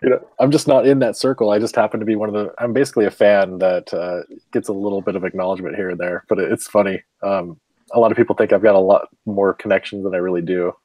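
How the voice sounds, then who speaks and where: Low-voiced man in casual chat. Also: fairly even intonation, quick pace, mellow, poor audio. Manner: rambling, self-deprecating, laughs often. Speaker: comics website runner.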